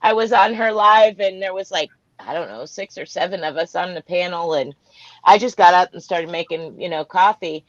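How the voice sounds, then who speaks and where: A woman's voice: fairly low pitch, moderate pace, dry recording, highs cut off. A woman from Florida, hosting a casual live chat, telling stories and laughing often. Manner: chatty storyteller, laughs often.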